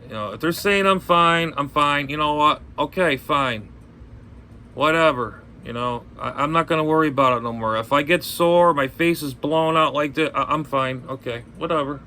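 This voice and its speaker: A blunt man rambles and rants from home, swearing freely and circling back over his own points. His voice is bright and forward, at a middling pitch, with faint noise behind him. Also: normal speed. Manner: ranting, blunt, cursing, repeats himself. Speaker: ham radio vlogger. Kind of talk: rambling casual chat.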